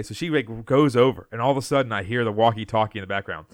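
A man's voice: lowish voice, quick pace, few pauses, a bit bright, no room sound, studio quality. Laughing, rambling man telling a story. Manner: rambling, laughs often, many restarts. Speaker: podcast co-host. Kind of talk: casual storytelling chat.

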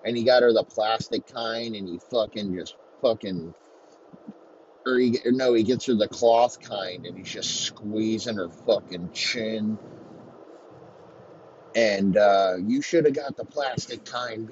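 Deep-voiced man, podcast host, crude rambling sports rant; lo-fi, slightly muffled. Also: steady tone, takes it slowly, darkish tone, a little hiss or hum. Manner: profane, rambling.

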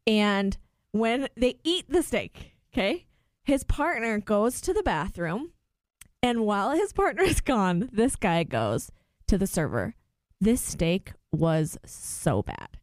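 A young woman hosting a casual podcast, her voice riding a lively, swooping melody that sits a bit high. She tells stories with lots of "like" fillers. The sound is close and dry, with no room around it. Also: unhurried, dry recording. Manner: animated storyteller, many "like" fillers. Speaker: podcast host. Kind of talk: casual chat.

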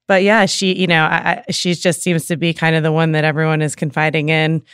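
Smooth, flat-voiced woman podcast guest. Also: low-pitched, dry recording, clean studio sound. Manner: measured, with fillers. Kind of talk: casual chat.

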